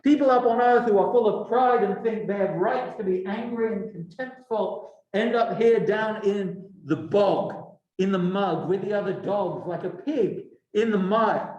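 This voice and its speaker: A man's voice: sits high, a little slow, hardly any pauses, darkish tone, dull audio. A man teaching a classroom lecture. He questions his students and adds wry asides. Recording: echoey room.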